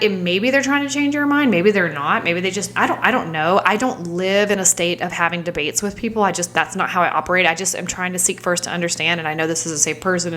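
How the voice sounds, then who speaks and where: A woman's voice: lowish voice, fairly bright tone, slight background noise. A woman in her thirties telling a personal story in a candid, searching way, sometimes dropping into a whisper as she relives a moment. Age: 30s. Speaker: vlogger.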